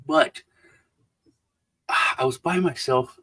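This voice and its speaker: In a rough recording, a middle-aged man co-hosting a livestream talks very slowly with a sharp tone at an average pitch. He rambles through stories in casual conversation, trailing off and restarting his sentences.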